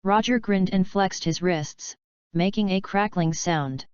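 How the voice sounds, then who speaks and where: A woman reading a fanfiction audiobook aloud in a steady, even narration. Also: mid-range voice, measured pace, clean tone, dry recording, muffled recording. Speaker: audiobook reader. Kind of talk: scripted narration.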